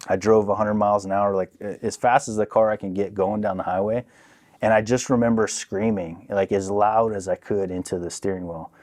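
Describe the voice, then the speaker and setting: A young man telling a story on a podcast in a casual, profane, animated way, acting out what people said. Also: on the low side, a little fast. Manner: profane, animated, acts out quotes. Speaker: podcast guest.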